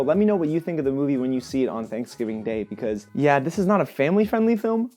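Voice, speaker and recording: A man's voice: mid-range voice, dark tone. A man hosting his own movie review channel, talking straight to his viewers with lots of enthusiasm in a casual vlog style.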